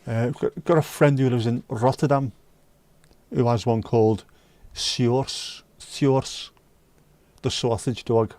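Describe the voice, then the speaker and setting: During a casual live stream, a man reads out viewer messages, joking, bantering with chat, and singing snatches here and there. His mid-range voice is dark in tone with fairly even intonation and a moderate pace, with no room sound.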